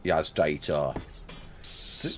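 A man's voice: a bass voice, takes it slowly, soft background music. A man in his thirties chatting casually with his livestream chat while building in a game, reacting with laughs and sudden outbursts.

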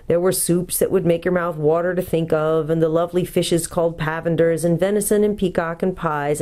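A woman pastor calmly reading a children's book aloud. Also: fairly low pitch.

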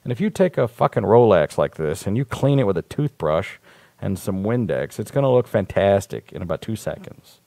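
A man's voice: fairly low pitch, big pitch swings, normal speed, gravelly, mellow, no room sound. A man hosting a live talk show, telling rambling stories in a blunt, profane, casual way. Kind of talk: casual live-stream monologue.

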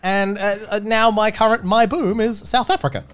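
A man's voice: high voice, fairly even intonation, moderate pace, a bit bright, smooth. A man co-hosting a podcast, telling a rambling story in casual chat and laughing often. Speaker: podcast co-host.

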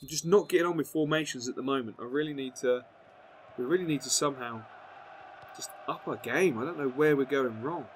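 Young gamer, lively swinging pitch, fired-up commentary over a football game, swears freely. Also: male voice, slightly rough. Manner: excitable, swears and yells at the match. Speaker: gaming video creator. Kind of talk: live gameplay commentary.

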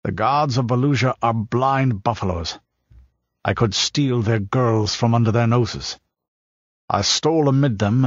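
A man's voice: mid-range voice, no echo, dull audio, lightly acted. A man voicing a fierce, proud Pictish warrior who speaks in a guarded, curt and sneering way.

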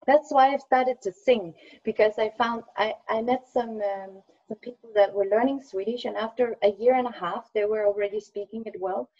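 A Danish woman with a soft, husky voice patiently explains how words are said, laughing often. Her sound comes through a dull, low-fidelity video call. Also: normal speed, hardly any pauses. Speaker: pronunciation coach. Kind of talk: casual video call chat.

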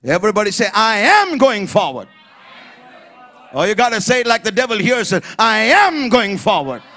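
A man preaching an emphatic sermon in church, building to shouted refrains and calling on the congregation to repeat after him. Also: sits high, big pitch swings, fairly quick. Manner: emphatic preaching, rising to shouts, call-and-response. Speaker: pastor.

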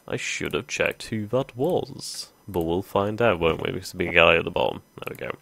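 A man's voice: low voice, animated, moderate pace, creaky, fairly bright tone, no echo. A man hosting a strategy game let's play, thinking aloud casually with many ums. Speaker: gaming video host.

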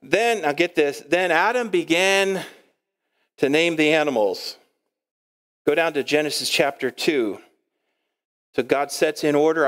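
A man with a fairly high voice preaches a sermon from a church stage. He swings from quick, animated stretches into slow, emphatic lines, acting out the voices of the people in his stories and breaking into a chuckle now and then. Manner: lively preaching, acts out quoted speech, chuckles often. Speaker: pastor. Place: church sanctuary.

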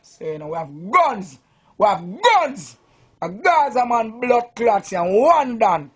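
A man's voice: very high-pitched, very animated, slow, slightly rough. A Jamaican man, a sound system selector, drunk and boasting in a rambling, profane rant to the camera.

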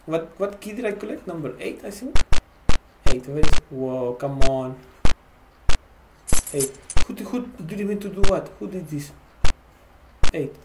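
A man's voice: fairly high pitch, lively intonation, a little slow, pauses often, echoey room, very noisy. A man in a comic vampire persona, commenting in broken English while playing a horror game and talking to what he sees. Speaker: let's play gamer in a vampire persona.

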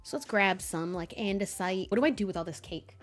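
A woman's voice: medium pitch, brisk, faint music behind. A young woman chatting playfully as she commentates her building game, talking to the animals in it. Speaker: Minecraft streamer. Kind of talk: casual gameplay commentary.

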